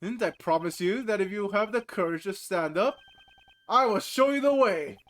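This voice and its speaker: A man voicing a cool, composed male prosecutor from a game, reading in a measured, stern and formal way. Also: high-pitched, lively intonation, fairly bright tone. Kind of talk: reading game dialogue aloud.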